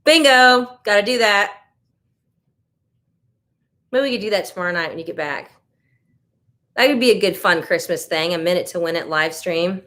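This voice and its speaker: With a voice on the low side and a slightly bright quality, the American host talks at a normal speed but leaves long pauses. She's running a casual live stream, chatting freely and answering viewer comments.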